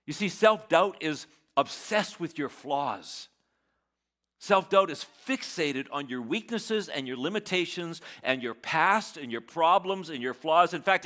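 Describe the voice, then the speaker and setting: A man's voice: a little high, pushed and bright. A man preaching a sermon as pastor, dramatically acting out quoted lines of self-doubt.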